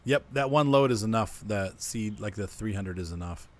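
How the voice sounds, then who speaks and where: A man's voice: fairly low pitch, moderate pace. A man hosting a co-op farming game, casually explaining his plans as he plays. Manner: explains plans while playing. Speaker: let's-play host. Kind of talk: casual gameplay chat.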